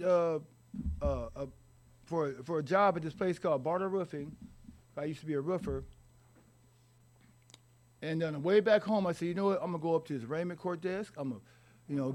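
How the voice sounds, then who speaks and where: A middle-aged man telling his own recovery story in a rambling, halting way with wry humor. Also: fairly high pitch, darkish tone. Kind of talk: personal recovery story told to an audience.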